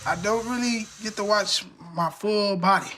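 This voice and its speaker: A man's voice: sits high, moderate pace. A man on a reality TV show complaining in a resigned way. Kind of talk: reality TV interview. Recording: TV clip with music under it.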